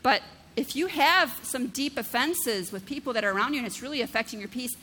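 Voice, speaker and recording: A woman's voice: sits high, a little fast, bright, forceful tone, long reverb tail. A woman pastor preaching a conversational sermon, often checking in with "right?" and using vivid everyday examples. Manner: conversational, keeps asking "right?".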